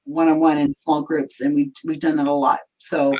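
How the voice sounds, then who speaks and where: A woman's voice: sits low, little pitch movement, normal speed, warm tone, poor audio. A woman guesting on a podcast, talking enthusiastically in a rambling way with lots of fillers. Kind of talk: casual chat.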